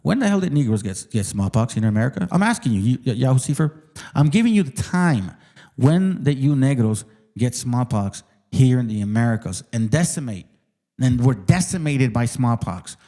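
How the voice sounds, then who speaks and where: A man's voice: medium pitch, sing-song, moderate pace, dark tone. A man hosting his own channel and ranting casually at his viewers. He sounds profane, mocking and combative, and he repeats words for emphasis. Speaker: channel host. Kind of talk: heated casual rant to viewers.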